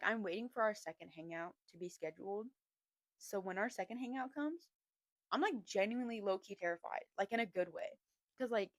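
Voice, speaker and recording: A young adult woman hosting a podcast, telling a story in a chatty, animated way, laughing often and filling her talk with "like.". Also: medium pitch, dry recording. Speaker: podcast host. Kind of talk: casual storytime chat.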